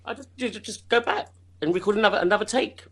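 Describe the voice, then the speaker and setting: A man with a fairly high, bright voice, chatting casually as the guest in an interview. He talks animatedly, with many restarts and repeated words. His tone is forceful and clear. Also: fast talker. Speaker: singer being interviewed.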